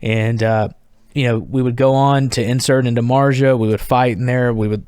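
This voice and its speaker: A man in his thirties, a podcast guest, telling a story in an animated way, laughing and acting out the dialogue. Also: medium pitch, normal speed, clear, resonant tone, dry recording, studio quality. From United States. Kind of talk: storytelling in conversation.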